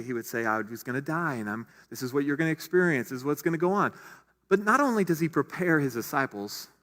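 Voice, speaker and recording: A man's voice: mid-range voice, a bit bright. A middle-aged male pastor giving a conversational sermon, full of casual asides and restarts. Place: church sanctuary. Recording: long hall reverb.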